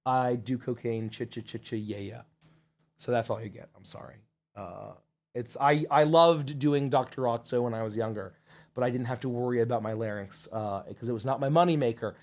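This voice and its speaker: A man's voice: medium pitch, fairly quick, a little mellow. A man, a voice actor and show host, chatting casually and rambling through viewer questions on a livestream. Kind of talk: casual livestream Q&A, reading chat.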